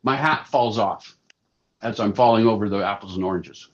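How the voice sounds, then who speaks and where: A man in his sixties, a puppeteer and actor, chatting through animated anecdotes as a podcast guest. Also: on the low side, normal speed. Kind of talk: casual interview storytelling. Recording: slightly dull lo-fi sound.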